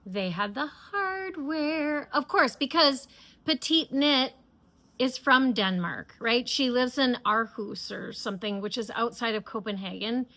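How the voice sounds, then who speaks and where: A middle-aged woman from the United States chats enthusiastically as a knitting podcast host, stumbling through fillers and restarts. Her voice sits a little high and sounds bright and forward. She speaks with easy, casual energy. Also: a little slow. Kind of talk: casual chat.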